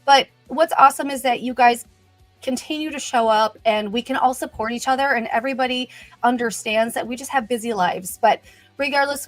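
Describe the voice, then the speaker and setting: A woman with a fairly high-pitched voice, recorded with no echo, hosts a brand's casual livestream. She greets viewers and chats in an upbeat way, filling her talk with lots of "you know."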